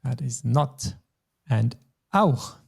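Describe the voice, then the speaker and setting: A man's voice: mid-range voice, animated, extremely slow, gravelly, breathy edge. A man teaching a German lesson, explaining grammar patiently step by step. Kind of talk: language lesson.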